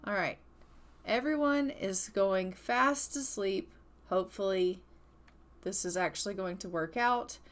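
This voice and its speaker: A woman casually narrating her gameplay of a family life sim in a chatty, relaxed way. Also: medium pitch, measured pace. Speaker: gaming channel host.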